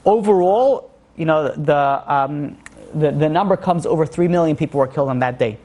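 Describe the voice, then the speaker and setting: A man's voice: fairly high pitch, moderate pace, darkish tone. A male rabbi giving an informal class, earnest and repeating his phrases for emphasis.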